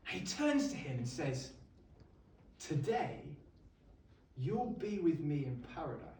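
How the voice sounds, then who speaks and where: A man playing a middle-aged Roman centurion, telling his story in a wry, conversational monologue to a live audience. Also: fairly high pitch. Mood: incredulous. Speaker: costumed actor at an exhibition. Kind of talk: first-person dramatic monologue to a live audience. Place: indoor exhibition hall. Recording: echoey hall, mic at a distance.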